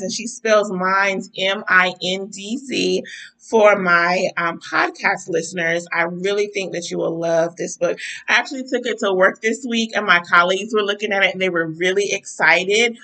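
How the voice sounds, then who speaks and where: Bright-voiced chatty woman host, a bit stuffy. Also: medium pitch, low-quality recording. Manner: chatty, warm-spoken with frequent um and y'all. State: stuffy nose. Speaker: podcast host. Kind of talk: casual livestream chat.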